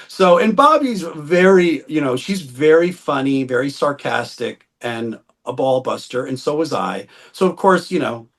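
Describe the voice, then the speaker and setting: A middle-aged man spins a long story as an interview guest, his voice sitting a little high for a man. He jumps into the voices of the people he quotes and laughs often along the way. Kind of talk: storytelling anecdote in casual interview.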